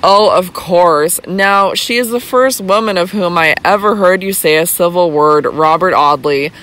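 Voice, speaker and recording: The audiobook narrator voicing a sharp-tongued, impatient young lady with a snappish manner. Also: mid-range voice, a little slow, lightly acted.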